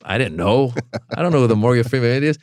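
A man, a comedian, telling a long story in a casual interview. He talks in an animated way and acts out other people's voices with big jumps in pitch. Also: rapid-fire, dry recording, studio quality. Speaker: comedian guest.

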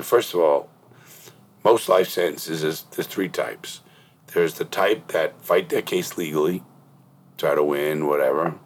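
A man's voice: sits low, a little hiss or hum. A middle-aged man hosting a podcast, telling blunt, profane stories in casual interview chat. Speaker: podcast host.

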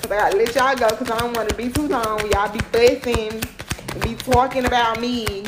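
Woman host, AAVE, blunt and profane motivational talk, slightly high voice, echoey room with faint hum. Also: fairly even intonation, normal speed. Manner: blunt, cussing, repeats "period" and "okay".

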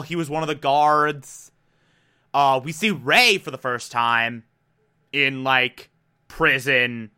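A young man hosts a casual recap, talking in an animated, emotional way and swearing freely. His voice sits a little high and sounds bright and forceful. He speaks slowly and takes his time. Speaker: podcast host recapping a TV episode.

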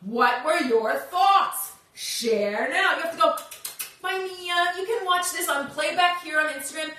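Woman host of a live-stream chat, bright and bubbly with a sing-song lilt, recorded off-mic in an echoey room. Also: sits high, measured pace, distant mic, slight background noise. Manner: bubbly, sing-song, greets viewers by name.

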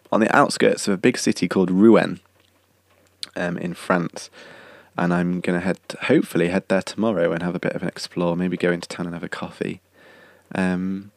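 With a deep, vocal-fried voice and a slight cough, this young podcast host and singer-songwriter chats and rambles through a casual monologue, often self-correcting. The studio recording is clean, with no room sound.

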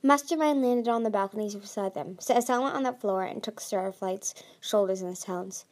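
A woman's voice: mid-range voice, a little fast, darkish tone. A woman reading a fantasy novel aloud as an amateur narrator, with frequent slips and restarts. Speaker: audiobook reader.

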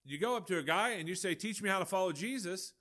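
A male pastor, preaching a folksy, animated sermon with acted-out dialogue. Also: high-pitched, fast.

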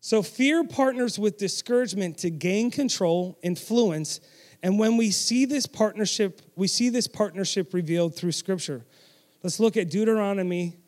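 Male preacher, high-pitched, emphatic, draws the congregation in to repeat lines. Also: moderate pace, a little mellow. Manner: emphatic, with audience call-and-response and self-deprecating asides. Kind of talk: sermon.

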